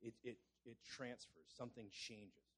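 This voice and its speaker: A man in conversation explains a ritual idea point by point. He often checks understanding with a quick "right?" His voice sits at an ordinary middle pitch. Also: steady tone, a bit bright, husky, low-quality recording. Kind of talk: conversational Bible discussion.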